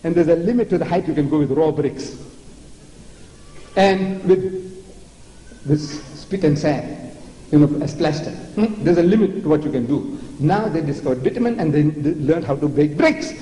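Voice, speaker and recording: A man's voice: fairly high pitch, expressive, normal speed, long pauses, mellow. An older man from South Africa giving a public religious lecture in a sarcastic, theatrical, mocking manner. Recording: echoey lecture hall with faint noise.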